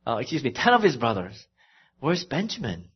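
A man preaching a sermon as pastor, animated and emphatic, with frequent ums and restarts. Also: medium pitch, moderate pace, slightly rough. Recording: dull lo-fi recording.

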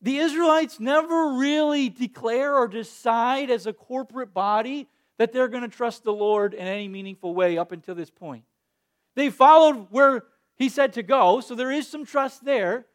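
A man preaching a sermon, reading scripture and then retelling it in a lively way, acting out the quoted voices. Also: very high-pitched, moderate pace. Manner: animated, acts out quoted voices. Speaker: pastor.

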